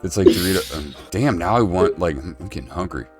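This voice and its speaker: Deep-voiced American man hosting a chat. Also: animated, fast, faint music behind. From United States. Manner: rambling, laid-back, swears casually. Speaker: stream show host. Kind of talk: casual streamed chat.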